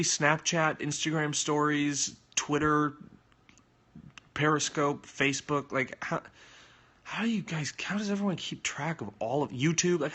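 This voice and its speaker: A young man chatting casually on a phone livestream, answering viewer comments with jokes and sudden jumps in pitch. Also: sharp tone.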